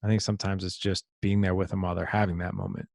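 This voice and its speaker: A middle-aged man with a low, gravelly voice talks through a personal story as a podcast guest. He is earnest and reflective and restarts phrases as he thinks. His voice sounds close and dry, with no room around it. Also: flat delivery, quick pace, a little mellow, no room sound. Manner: earnest, reflective, repeats words while thinking. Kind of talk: conversational storytelling.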